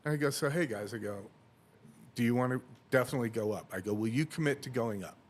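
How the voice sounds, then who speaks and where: A man's voice: medium pitch, quick pace. A man on a podcast telling a long anecdote in casual chat, acting out dialogue and laughing often. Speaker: podcast host.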